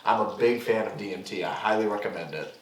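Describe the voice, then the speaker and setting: A young man, a podcast guest, telling a story in casual chat, animated and swearing freely as he acts out what people said. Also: on the low side, quick pace. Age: young adult. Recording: roomy, distant mic.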